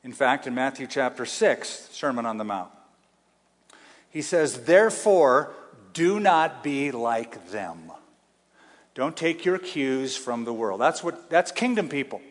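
A man preaching a sermon to a congregation, emphatic, slowing down to stress key phrases and asking the room to answer him. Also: mid-range voice, lively intonation. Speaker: pastor. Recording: long hall reverb.

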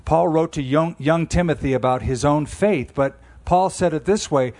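Emphatic preaching man, somewhat high voice. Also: a little mellow. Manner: emphatic, conversational preaching with slowed key phrases. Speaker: pastor. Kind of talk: sermon.

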